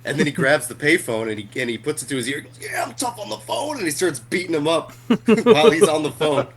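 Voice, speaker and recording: A man's voice: fairly high pitch, fast talker, slight background noise. Male podcast co-host, casual storyteller who laughs mid-sentence. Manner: animated retelling of a comedy skit, laughing along. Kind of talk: casual chat.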